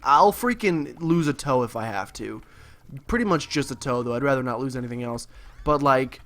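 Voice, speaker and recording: A young man in college rambling with sarcasm and lots of fillers while commenting on his gameplay as a let's play host, his voice a bit husky. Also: mid-range voice, animated, moderate pace, fairly bright tone. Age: young adult. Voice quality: slightly husky.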